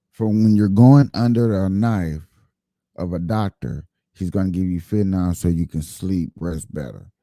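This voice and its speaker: An earnest man hosts his own political livestream, speaking straight to his viewers and circling back over his points. His voice sits a little low with a mellow, soft tone. The sound is dry and close, with no room echo. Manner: earnest, repetitive, addresses viewers directly. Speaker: livestream host. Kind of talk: casual political livestream talk.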